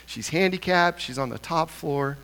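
A pastor from Idaho telling a humorous, self-deprecating story in a sermon. He talks in an animated way and chuckles often. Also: fairly high pitch, normal speed, gravelly. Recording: long reverb of a large hall.

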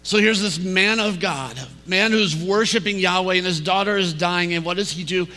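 A male pastor preaching a storytelling sermon, slowing down and dropping to a hush for emphasis. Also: high voice. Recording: reverberant hall.

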